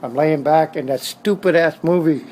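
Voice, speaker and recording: A middle-aged man with a Southern Californian accent, his voice sitting a little high, telling stories in a blunt, streetwise way and hammering his points with repetition. He talks casually in his motorcycle shop, with a faint ambient hum behind him. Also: moderate pace, darkish tone, low-quality recording. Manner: blunt, streetwise, repeats himself. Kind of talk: casual storytelling interview.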